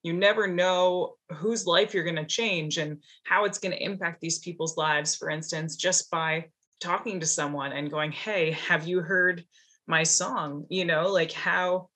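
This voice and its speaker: A woman's voice: fairly low pitch, fairly even intonation, moderate pace, a bit bright. A woman from Canada hosting an interview, talking with enthusiasm and reflection and laughing often. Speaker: podcast host. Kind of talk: casual interview chat.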